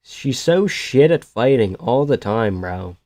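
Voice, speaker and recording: A man doing casual, profane live-stream commentary on a fight from a room in his house. He shouts at big moments and talks low between them. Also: slow, dry recording, clean studio sound. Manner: excitable, profane, yells at the screen then chats quietly.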